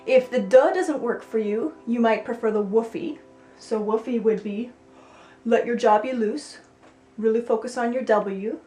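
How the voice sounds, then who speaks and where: A woman vocal coach giving a singing lesson, explaining clearly and with a playful, upbeat manner. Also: a little high, a little slow, warm tone. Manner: clear, upbeat instructive delivery with playful demonstrations. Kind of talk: singing lesson with spoken instruction. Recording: roomy echo with faint music.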